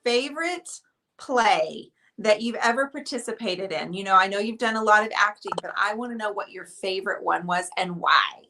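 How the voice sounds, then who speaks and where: A woman hosts a casual chat in a bright, clear voice. She speaks earnestly and affectionately to her guest. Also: mid-range voice, moderate pace. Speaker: host.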